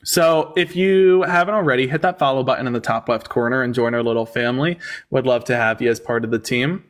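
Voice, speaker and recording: A man's voice: mid-range voice, brisk. A man hosting a livestream debate, talking casually with a sarcastic, incredulous edge.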